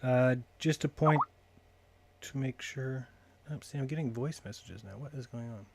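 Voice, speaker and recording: A man hosts a live call-in stream at a middling pitch, chatting loosely and trailing off into mutters as he fiddles with his settings. His talk is casual and unpolished. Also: normal speed, creaky, a little hiss or hum. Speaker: livestream host taking calls.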